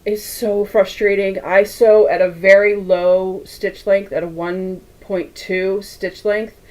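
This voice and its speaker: A woman's voice: mid-range voice, flat delivery, slow pace, a little mellow, poor audio. A woman hosting a quilting livestream, chatting casually and rambling while she sews, reading viewer comments aloud and laughing often. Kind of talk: casual chat while sewing.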